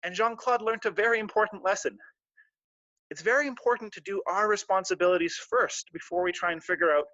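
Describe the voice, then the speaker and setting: A man telling a children's story on a live stream, animated and full of sound effects. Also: on the high side, no room sound. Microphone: live stream mic. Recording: dull, dry lo-fi stream audio.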